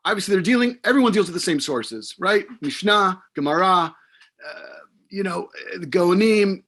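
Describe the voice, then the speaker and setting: A man with a somewhat high voice introduces a guest author and poses long questions. He rambles a bit and leans on fillers between his thoughts. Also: animated, moderate pace, fairly bright tone. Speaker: interviewer and professor. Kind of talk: hosting an author interview.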